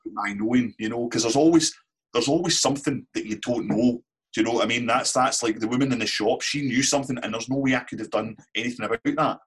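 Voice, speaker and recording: A man's voice: medium pitch, fast, breathy edge. A Scottish man telling candid stories as a podcast guest, swearing casually. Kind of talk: casual storytelling interview.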